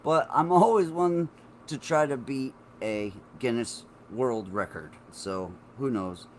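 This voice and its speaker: Guy vlogging a dumb story, slow drawl, swears a lot, pokes fun at himself. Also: medium pitch, a little hiss or hum. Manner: profane, jokey, self-mocking. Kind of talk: casual storytelling.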